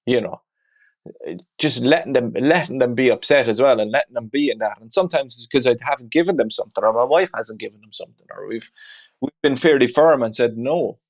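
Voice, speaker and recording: Dad in an interview talking openly, thoughtful, lots of you knows, mid pitch. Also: male voice, a little fast. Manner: reflective, open, frequent "you know" asides. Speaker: guest; father of two. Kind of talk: candid conversational interview.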